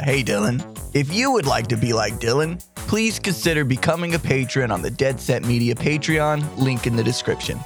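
A man hosting a tabletop podcast, giving offhand, relaxed announcements. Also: medium pitch, vocal fry. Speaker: podcast host and player.

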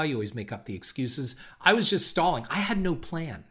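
A middle-aged podcast host tells a personal story candidly and reflectively, letting slip the odd curse word. His voice is a little high, very animated, bright, and forceful, and he talks a little fast.

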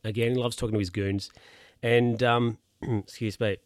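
A man's voice: medium pitch, level tone, normal speed, no echo. Male podcaster, dry close sound, loose filler-heavy recap delivery. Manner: rambling, filler-heavy, self-correcting. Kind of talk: casual film recap.

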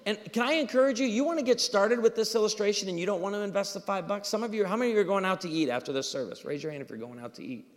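A man preaching a humorous sermon with stories, acting out dialogue in an animated way. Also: high voice, rapid-fire, few pauses. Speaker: pastor. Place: church auditorium. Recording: live hall reverb.

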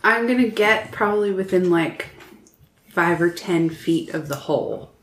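Slow, giggly woman playing a tabletop game. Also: lowish voice, expressive, roomy sound, a little hiss or hum. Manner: giggly, playful. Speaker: player. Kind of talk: casual tabletop play.

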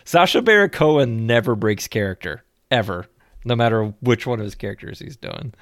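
A man hosting a podcast, an animated and rambling storyteller in casual chat. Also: medium pitch, fairly quick, no echo, clean studio sound. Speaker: podcast host.

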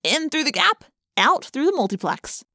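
A woman's voice: sits high, sing-song, normal speed, a crowd in the background, pitched above the performer's own voice. A woman voicing a wisecracking teenage boy in an audiobook, with a joking delivery. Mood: wry. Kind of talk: audiobook character voice.

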